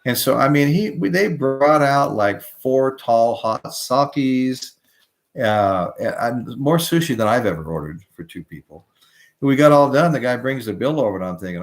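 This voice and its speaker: A man's voice: medium pitch, lively intonation, moderate pace. An older man hosting a live show, chatting casually, telling rambling stories and reading out viewer comments. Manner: rambling storyteller, drifts off topic. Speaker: host of a live music show.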